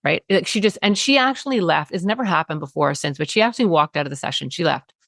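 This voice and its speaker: A woman with a slightly low voice tells a parenting story as an interview guest. She talks in an animated way and acts out quotes. The sound is dry and close to the mic. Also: fast talker, creaky, no room sound.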